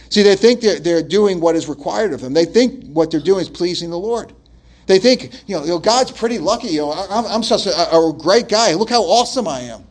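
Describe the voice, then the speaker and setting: A man preaching an expository sermon, emphatic, asking rhetorical questions and often repeating and restarting his words. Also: high voice.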